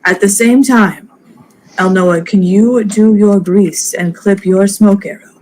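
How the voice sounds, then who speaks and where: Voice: medium pitch, steady tone, slow, darkish tone, a little hiss or hum. Chatty, giggly tabletop player. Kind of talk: casual tabletop play.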